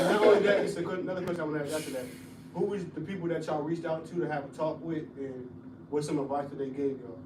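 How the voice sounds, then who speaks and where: Young host guy asking stuff quick and loose, slightly high voice, roomy echo. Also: steady tone. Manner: quick, loose questioning in slang. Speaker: podcast host. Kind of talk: casual podcast interview. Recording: echoey room, mic at a distance, noise behind.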